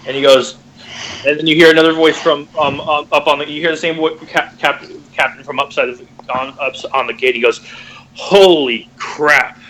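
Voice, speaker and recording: A man narrating a tabletop game as game master, halting with many fillers and restarts. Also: on the high side, steady tone, a bit bright, a little hiss or hum, low-quality recording.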